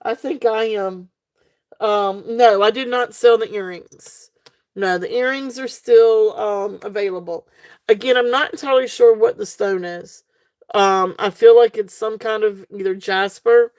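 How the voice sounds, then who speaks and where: Lady hosting a live jewelry sale stream, talks slow, laughs a lot, gushes at her viewers. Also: mid-range voice, fairly even intonation, darkish tone. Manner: giggly, rambling with many fillers; effusive, gushing at viewers. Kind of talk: casual live-stream selling chat.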